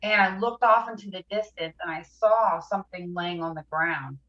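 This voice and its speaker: Woman guest, emotional recovery story, bright tense voice, lo-fi sound. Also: fairly low pitch, roomy sound. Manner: halting, emotional, fighting back tears. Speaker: podcast guest. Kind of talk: personal recovery story in an interview.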